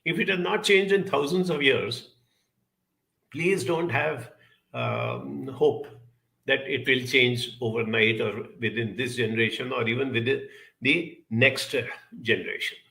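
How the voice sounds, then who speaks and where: A man with a gravelly, bright voice talks earnestly as a program guest. He tells a childhood story and poses rhetorical questions in a reflective way. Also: mid-range voice, measured pace. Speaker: guest speaker.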